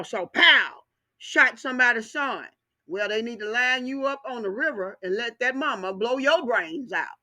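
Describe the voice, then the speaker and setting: High, bright-voiced woman ranting fiercely. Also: expressive, moderate pace. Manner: emphatic, repetitive, fiery preaching cadence. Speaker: video commentator. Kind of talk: impassioned commentary rant.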